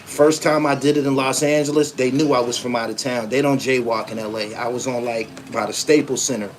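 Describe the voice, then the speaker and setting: A middle-pitched man from the East Coast talks loosely and profanely as he reads out comments from his audience. He acts out the people in his stories. A faint noise hums under the recording. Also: fairly even intonation, a little fast. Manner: loose, profane storytelling with acted-out voices. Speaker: podcast host. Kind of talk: casual livestream chat reading comments.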